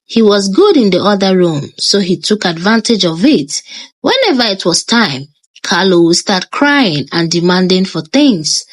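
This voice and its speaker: A woman's voice: medium pitch, big pitch swings, a little slow. Nigerian woman narrating a story, really sing-songy voice, lots of ups and downs. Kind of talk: scripted narration.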